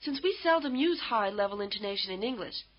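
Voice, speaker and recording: A woman giving scripted instructional narration for a language course, in a measured, explanatory way. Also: medium pitch, lively intonation. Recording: dull lo-fi tape audio.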